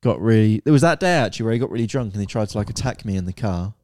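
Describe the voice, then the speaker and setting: A man's voice: lowish voice, very fast, no room sound, clean studio sound. A young man, telling stories candidly and animatedly in a casual podcast chat. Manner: animated storytelling, candid and swearing. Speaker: podcast co-host, son.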